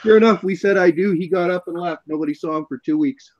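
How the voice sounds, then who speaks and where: A man in casual chat, telling an animated anecdote with a chuckle. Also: high-pitched, fast. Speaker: podcast host. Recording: dull lo-fi audio.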